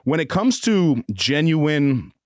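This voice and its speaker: A man's voice: fairly high pitch, very animated, takes it slowly, no echo, clean studio sound. A man hosting a podcast, chatting casually and candidly, laughing often and poking fun at himself. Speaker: podcast host.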